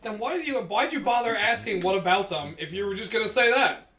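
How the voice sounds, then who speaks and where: A man's voice: sits high, lively intonation, a little fast, bright, forceful tone. A man co-hosting a game stream with dry, wisecracking remarks. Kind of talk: let's play commentary. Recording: roomy and distant from the mic.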